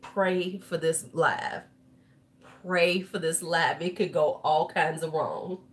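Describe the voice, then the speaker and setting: Tipsy middle-aged woman, loud and chatty beauty vlogger, swears easily. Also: low voice, steady tone, takes it slowly, a little hiss or hum. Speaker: beauty YouTuber. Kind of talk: casual livestream chat.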